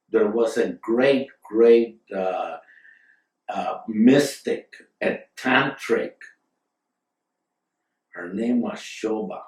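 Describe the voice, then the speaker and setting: Slow, rambling male storyteller in a roomy space. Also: on the low side, a little mellow. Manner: rambling, digressive, with fillers and asides. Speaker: storyteller, guest. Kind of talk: casual spoken storytelling. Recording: roomy sound from a distant mic.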